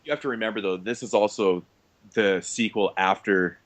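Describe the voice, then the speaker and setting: A man co-hosting a podcast in casual chat, animated and laughing easily. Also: lowish voice, moderate pace, no room sound. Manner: animated, laughing, does voices. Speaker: podcast co-host.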